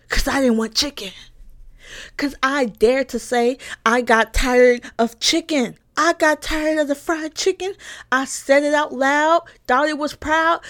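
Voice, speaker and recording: A woman's voice: a little high, fairly bright tone. A young woman giving an emphatic, satirical personal monologue, repeating lines for punch and swearing freely. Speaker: comedic commentator.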